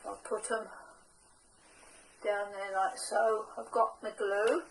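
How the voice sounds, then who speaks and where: A woman's voice: mid-range voice, little pitch movement, slow, vocal fry, slight background noise, rough recording. A woman presenting a casual step-by-step craft tutorial, chatty and homely with a self-deprecating touch.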